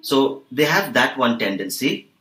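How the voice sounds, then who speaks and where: A man explaining on a learning podcast, measured and instructive, slowing down to stress key words. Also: medium pitch, animated, sharp tone, reverberant, poor audio. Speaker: English teacher on podcast.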